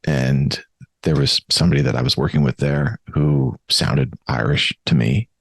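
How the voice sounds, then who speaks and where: A man's voice: very deep voice, steady tone, normal speed, gravelly, slightly rough, dry recording. A man hosting a podcast interview and asking brief, conversational questions. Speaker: podcast host.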